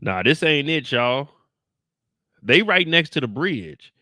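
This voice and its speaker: Young guy streaming, swears a lot, bright and lively. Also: a little high, slow, no echo, clean studio sound. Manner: animated, exasperated, swears freely, talks to chat. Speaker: show reaction streamer. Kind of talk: casual livestream chat with viewers.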